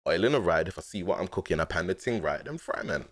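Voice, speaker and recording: A London man with a low voice explains his own rap bars in easy street slang. His pitch swings widely, from low drawls to excited jumps, and he laughs often. The sound is close and dry, with no room in it. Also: fast talker, no room sound. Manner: laid-back and slangy, laughing often, with sudden excited bursts. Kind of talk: casual reaction breakdown.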